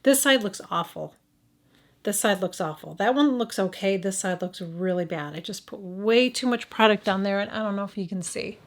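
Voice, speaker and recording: A middle-aged woman with a Midwestern American accent talks through a makeup review in a casual, conversational way. She thinks out loud and often trails off, then restarts and corrects herself. Her voice sits at an ordinary middle pitch for a woman. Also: normal speed. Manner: thinking aloud, hesitant, frequent restarts and self-corrections. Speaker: beauty vlogger.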